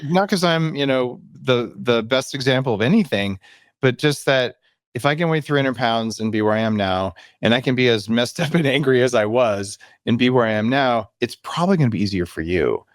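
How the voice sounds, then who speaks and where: At a moderate pace, this biohacking author in his fifties shares candid stories as a podcast guest, voicing the people in them. Animated, he shifts his pitch to emphasize points, and the studio-quality audio has no echo.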